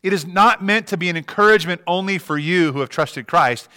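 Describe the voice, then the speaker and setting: A man's voice: high voice, a little fast, bright, forceful tone, smooth. A middle-aged man preaching a sermon as a pastor, earnest, with frequent restarts and rhetorical questions.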